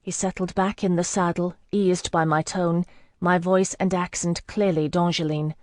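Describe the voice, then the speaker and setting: Fantasy audiobook reader, measured first-person storytelling, mid-pitched, dead-dry booth sound. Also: fairly even intonation, dry recording. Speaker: audiobook narrator.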